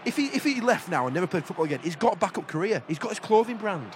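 Lively, teasing man in the stands. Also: high-pitched, rapid-fire. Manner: playful, teasing, shouts at players. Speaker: football fan co-commentator. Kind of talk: casual banter at a live match. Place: outdoor football stadium stands. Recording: crowd and outdoor noise. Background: crowd noise.

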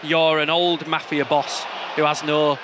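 A man's voice: a little high, flat delivery, measured pace. A young man, teasing his friend and doing mock commentary at a football match. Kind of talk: casual banter at a football match. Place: outdoor football stadium. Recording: noisy outdoor stadium.

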